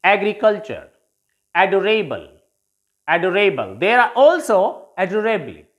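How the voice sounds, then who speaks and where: A woman with an Indian accent teaching English syllables in a classroom-style lesson. She drills words slowly and repeats them for learners to copy. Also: medium pitch, big pitch swings.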